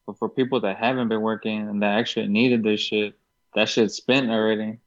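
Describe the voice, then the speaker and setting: A man's voice: on the low side, level tone, fairly quick. A man chatting casually on a podcast, laid-back and rambling about work. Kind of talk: casual chat. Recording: slightly dull lo-fi sound.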